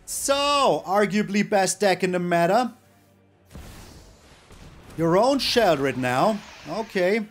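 A man giving excitable, animated live commentary over his own card game, now and then breaking into loud shouts. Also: sits high, slow, long pauses, soft background music. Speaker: gaming YouTuber.

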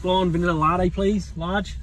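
A man's voice: high-pitched, flat delivery, unhurried, a little hiss or hum. A man putting on an Australian accent as a cheerful customer ordering coffee, calling everyone mate. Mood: cheery. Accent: put-on Australian. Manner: loud, cheerful, says mate a lot.

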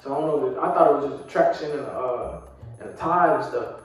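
A young man with a fairly high voice spins a loose, slangy story for his viewers, dropping fillers as he goes. He sits back from the mic in a very echoey room. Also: quick pace, far from the mic, faint music behind. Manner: casual, slang-heavy storytelling with frequent fillers. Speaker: vlogger. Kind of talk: storytime vlog.

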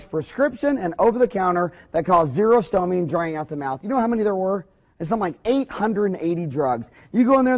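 A man's voice: sits high, a little mellow. Fired-up, blunt man lecturing. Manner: fired-up, blunt, preachy, acts out little scenes. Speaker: dentist lecturing fellow dentists. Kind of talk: energetic spoken lecture.

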